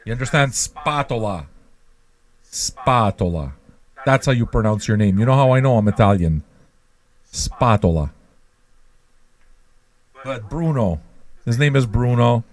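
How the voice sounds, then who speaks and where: A man's voice: medium pitch, a little fast, a little mellow. Rambling, profane male show host. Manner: rambling, mocking, profane, repeats himself. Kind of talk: profane ranting livestream monologue.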